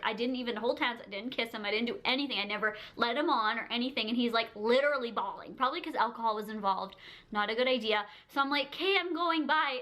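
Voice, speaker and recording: Bright, chatty woman vlogger. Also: fairly high pitch. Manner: chatty, heavy use of "like", frequent giggles. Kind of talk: casual storytelling to camera.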